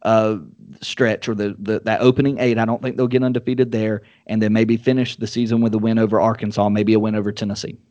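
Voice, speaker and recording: A man hosting a casual sports podcast, quick and joking as he leads the talk. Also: fairly low pitch, flat delivery, a little mellow, no room sound, muffled recording. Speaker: podcast host.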